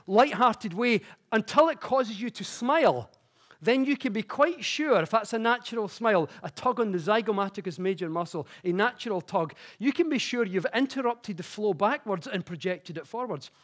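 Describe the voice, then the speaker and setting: A man speaks from a conference stage with a high, light voice. He explains ideas plainly, then slips into chatty, self-mocking stories told with growing energy. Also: normal speed. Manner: chatty, self-mocking storytelling that grows animated. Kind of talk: public talk with personal anecdotes. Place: conference stage before an audience.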